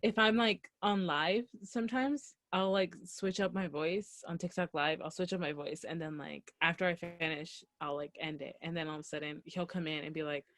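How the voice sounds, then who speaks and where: A young woman co-hosting a casual podcast, talking in a relaxed way and laughing easily. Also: fairly low pitch, normal speed, few pauses, no echo. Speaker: podcast co-host. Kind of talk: casual chat.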